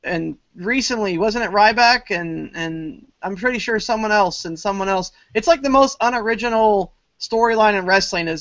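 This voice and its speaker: A man's voice: high voice, fairly bright tone, dry recording. A man co-hosting a wrestling podcast, rambling and retelling scenes in casual chat. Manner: rambling, filler-heavy, quick retelling. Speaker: wrestling show co-host. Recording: dry, dull lo-fi podcast audio.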